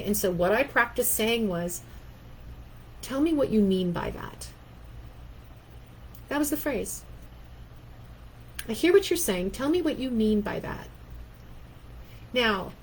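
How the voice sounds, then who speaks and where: A woman's voice: medium pitch, slight background noise, rough recording. A woman in her fifties, a workplace coach, talking conversationally and often checking in with "right?". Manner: conversational, keeps asking "right?". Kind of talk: talking-head coaching talk.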